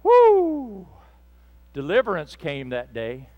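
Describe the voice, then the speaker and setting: Male preacher, high voice, fervent sermon that swings from loud bursts to hushed asides. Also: expressive, normal speed, narrow, tinny audio. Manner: speaks to the congregation directly, with asides and apologies.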